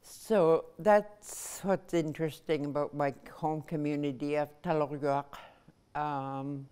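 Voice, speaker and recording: Slow low-voiced older woman. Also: fairly even intonation, warm tone, clear, resonant tone. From Nunavut, Canada. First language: Inuktitut. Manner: measured, pausing between phrases. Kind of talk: personal recollection.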